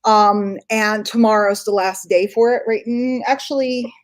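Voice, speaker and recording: A woman hosting a casual live stream. She chats and thinks out loud, with lots of ums. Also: mid-range voice, fairly even intonation, a little slow. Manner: chatty, thinks aloud with many fillers. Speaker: host.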